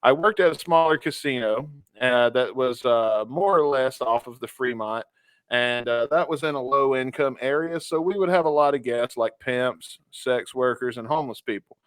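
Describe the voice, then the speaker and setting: A man's voice: mid-range voice, moderate pace, clear, resonant tone, no echo. A young man co-hosting a casual podcast, reading stories aloud in a laid-back way with small stumbles and fillers. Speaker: podcast co-host.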